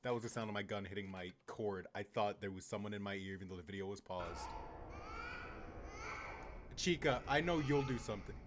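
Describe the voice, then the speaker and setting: A young man hosting a reaction video, swearing freely and yelling at the screen in comedic commentary. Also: fairly low pitch, brisk, pauses often, a little hiss or hum.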